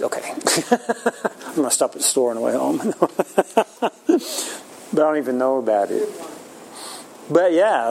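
Man, 60s, gravelly voice, candid faith talk, self-mocking, faint background hiss. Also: mid-range voice, darkish tone, rough recording. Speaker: Christian speaker.

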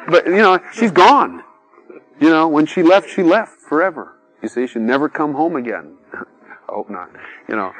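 A man's voice: mid-range voice, fairly bright tone, rough recording. A middle-aged man giving an informal sermon, chatty and full of asides, acting out little quoted voices. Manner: conversational, peppered with "you know", acts out quoted voices.

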